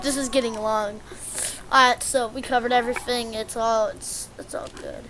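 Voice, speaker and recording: A woman's voice: on the high side, normal speed, a little hiss or hum, rough recording. A woman giving casual, rambling gameplay commentary as she walks through a game guide, often poking fun at herself. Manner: rambling, self-deprecating, easily excited.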